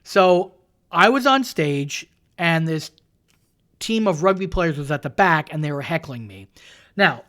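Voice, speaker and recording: Lively, profane male comedian telling a story. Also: a little high, unhurried. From Canada. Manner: animated, profane, acts out the voices of the people in his story. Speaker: guest comedian. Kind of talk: casual podcast storytelling.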